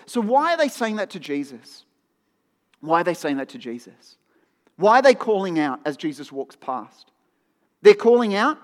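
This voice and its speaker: Man, high voice, earnest conversational sermon, long hall reverb. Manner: conversational, earnest, repeats phrases for emphasis. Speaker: preacher.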